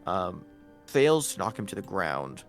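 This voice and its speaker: A man running a tabletop game as game master, narrating casually with halting fillers. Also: low-pitched, big pitch swings, vocal fry, soft background music.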